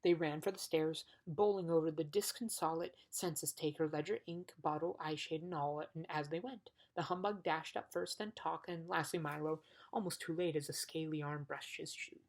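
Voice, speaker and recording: Low, husky woman reading a storybook. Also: fairly even intonation, normal speed, poor audio. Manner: occasional stumbles and restarts. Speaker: audiobook reader.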